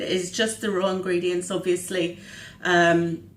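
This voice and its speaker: A woman's voice: on the low side, little pitch movement, a little slow, pushed and bright, roomy sound, distant mic. Chatty woman with a cold. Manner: chatty, rambling, frequent fillers. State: slightly hoarse, stuffy nose from a cold. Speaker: vlogger. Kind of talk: casual diet vlog.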